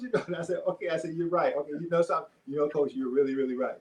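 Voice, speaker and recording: An older man, a former basketball player, telling stories as a podcast guest in a relaxed, rambling way with many fillers. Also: on the high side, quick pace, poor audio. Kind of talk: casual storytelling.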